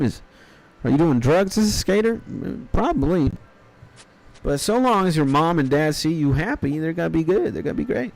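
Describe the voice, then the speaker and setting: This thirty-something gamer talks loosely while streaming, drifting through profane tangents and mock-philosophical musings, his hunger nagging after an early morning. He speaks at a normal speed in a fairly high, animated voice that is gravelly and darkish in tone.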